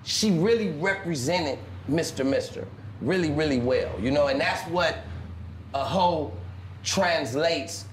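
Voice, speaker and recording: Man, interview guest, storytelling, slightly high voice, acts out voices. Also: expressive, unhurried, reverberant, a little hiss or hum. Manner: acts out voices in stories, swears freely. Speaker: interviewed pimp. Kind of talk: animated storytelling. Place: interview clip played on a stream.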